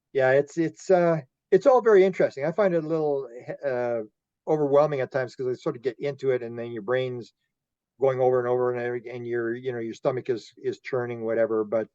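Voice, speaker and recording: Fast-talking Canadian man telling stories. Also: mid-range voice, no echo, muffled recording. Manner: animated, laughs often, acts out quotes. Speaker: UFO investigator, guest. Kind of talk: casual interview storytelling.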